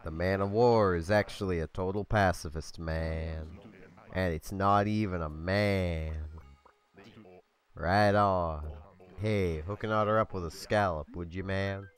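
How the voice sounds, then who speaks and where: Laid-back male sea otter, put on by a congested man, drawling and low. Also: steady tone, slow. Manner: drawling surfer-like, ends phrases with "man".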